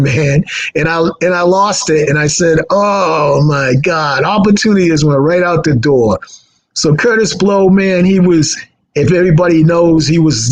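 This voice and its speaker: A man telling stories in a relaxed chat, with a slightly high voice. He is animated and drops into acted quotes. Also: low-quality recording. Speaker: radio guest. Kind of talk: casual storytelling.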